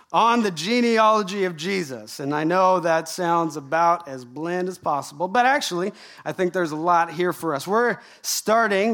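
A middle-aged man from Canada, a pastor giving a sermon, telling a story with lively rhetorical questions. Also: sits high.

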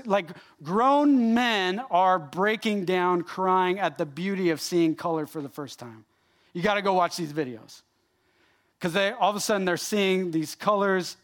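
Male pastor, higher voice, delivering an animated sermon straight to the congregation. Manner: animated and emphatic, addressing the room directly.

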